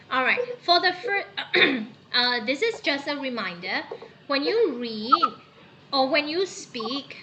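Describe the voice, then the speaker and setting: A woman English teacher leading a class, encouraging students and checking in with frequent "okay"s while often clearing her throat. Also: sits high, pushed and bright, dull audio, slight background noise. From Myanmar.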